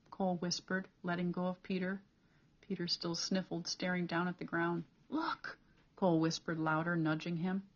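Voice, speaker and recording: A woman reading a novel chapter aloud as an audiobook reader, with steady, clear storytelling. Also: lowish voice, dull audio.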